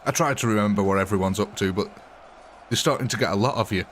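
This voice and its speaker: A man with a fairly low voice hosts a live gameplay stream, talking loosely and off the cuff. He rambles between topics, greets viewers by name and breaks into laughs often. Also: animated, moderate pace, a little hiss or hum. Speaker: game livestreamer.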